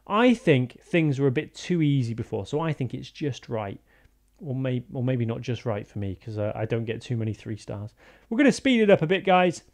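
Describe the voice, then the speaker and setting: A man's voice: medium pitch, animated, moderate pace, darkish tone. A man giving casual, jokey commentary over a strategy game, rambling into silly asides. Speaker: gaming YouTuber.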